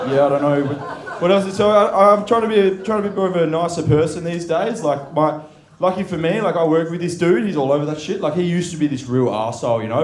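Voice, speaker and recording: Rambling profane stand-up comic man. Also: on the high side. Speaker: stand-up comedian. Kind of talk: stand-up set. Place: comedy club stage. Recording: roomy club with loud crowd laughter.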